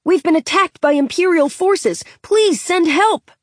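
A woman's voice: extremely high pitch, unhurried, no echo, studio quality, voice pushed up. A woman voicing a young boy who pleads for help over a radio call, whining and desperate. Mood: pleading.

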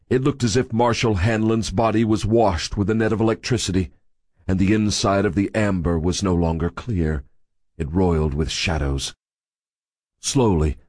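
A man reading a novel aloud in a measured, steady storytelling voice. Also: low-pitched, no room sound, clean studio sound. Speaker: audiobook narrator. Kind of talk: scripted narration.

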